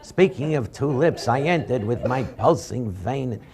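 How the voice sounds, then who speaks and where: A pompous old-school male sportscaster, as a comedian puts him on, drawing out each phrase in a slow, self-important broadcast cadence. The voice is gravelly and sits in a middling register. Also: mid-range voice, lively intonation, darkish tone. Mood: mock-solemn. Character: pompous male sportscaster reading smut in slow, measured tones.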